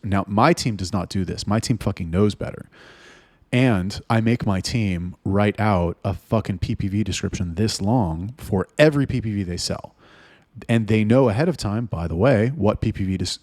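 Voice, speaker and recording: A man's voice: on the low side, darkish tone, no echo. A man giving profane, exasperated advice in a blunt ranting monologue, swearing constantly. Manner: mocking put-on voices when quoting others. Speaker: agency owner giving chatter advice.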